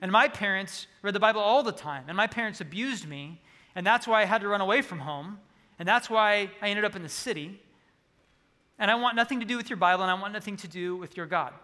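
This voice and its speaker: A man's voice: sits high, animated, fairly quick, sharp tone. A man voicing a lonely, reclusive old male neighbor who speaks bitterly, told plainly in a retelling. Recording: long hall reverb.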